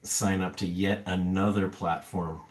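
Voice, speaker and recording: A man's voice: sits low, little pitch movement, a little slow. Rambling man chatting on a live stream. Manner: rambling, filler-heavy, answers chat comments. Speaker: animal rescuer streaming to viewers. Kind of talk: casual live stream chat. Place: home room with pets. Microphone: camera on upside-down tripod.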